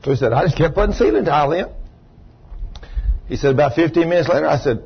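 A man preaches in a folksy, rambling storytelling way, with bursts of loud praise. His voice is a little husky. The recording sounds muffled and lo-fi. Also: fairly high pitch, rapid-fire. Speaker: pastor. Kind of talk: sermon storytelling.

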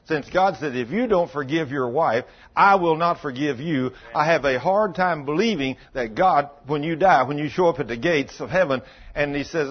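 A man's voice: on the high side, normal speed, slightly rough, dull audio. A man preaching a sermon in a folksy storytelling way, acting out both sides of past conversations. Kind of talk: sermon with acted-out dialogue.

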